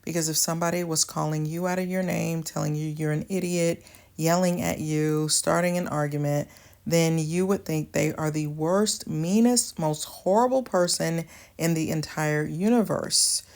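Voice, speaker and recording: A woman's voice: sits low, fairly even intonation, moderate pace, darkish tone. A woman hosting an advice channel, talking straight to her viewers in an earnest, plainspoken, coaching way. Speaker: channel host giving advice. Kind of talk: direct-to-camera advice talk.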